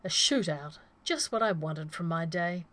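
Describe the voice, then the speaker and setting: A woman reading a deadpan, sarcastic gunslinger. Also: fairly low pitch, unhurried. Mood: sardonic.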